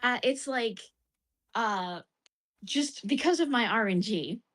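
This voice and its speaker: A woman's voice: on the high side, lively intonation, slow, a bit bright. A woman streamer chatting casually about a game, laughing often and acting out the characters' lines in bursts.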